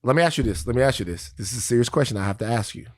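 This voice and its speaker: A man's voice: mid-range voice, lively intonation, rapid-fire, dry recording, clean studio sound. A man co-hosting a podcast, talking in heated casual chat with impassioned emphasis and repeated phrases. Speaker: podcast co-host.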